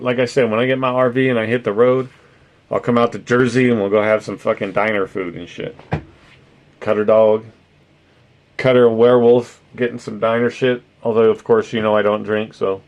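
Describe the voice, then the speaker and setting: The highs are cut off on this recording of a man with a lowish voice casually chatting on a livestream. Accentless, he rambles along, swears without restraint, and breaks into laughter often.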